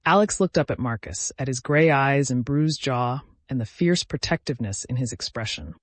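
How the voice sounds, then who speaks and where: A man reading a thriller romance story aloud in a measured, dramatic way. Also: mid-range voice, animated, dry recording. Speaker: narrator. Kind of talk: scripted narration of a thriller romance.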